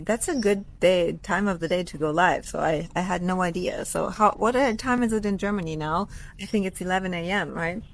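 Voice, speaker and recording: A woman with a fairly low voice chats on a live stream from a phone beside a pool. She is effusive and upbeat, welcoming viewers by name and cursing casually as she talks business coaching. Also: a little hiss or hum. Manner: effusive, greets viewers by name, swears freely. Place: outdoors by a pool.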